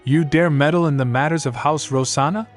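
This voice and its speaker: A man shouting as a raging tyrant duke. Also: a little high, fairly quick, soft background music, pitched above the performer's own voice, close to an everyday voice. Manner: bellowing, shouting in rage. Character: furious tyrannical noble father, older man.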